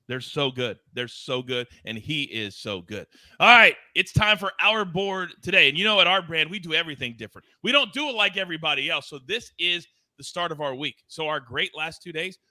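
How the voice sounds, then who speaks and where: A man's voice: on the high side, animated, fairly quick, pushed and bright, no room sound. A man hosting a sports betting show, hyped and playful, reading out viewer comments. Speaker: host.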